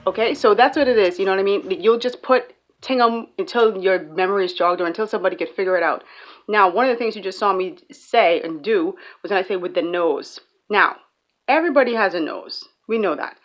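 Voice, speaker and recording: A woman's voice: medium pitch, fast talker, highs cut off. A young woman with a Bahamian accent, explaining slang in a playful, joking vlog. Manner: playful, joking, animated storytelling. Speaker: YouTuber.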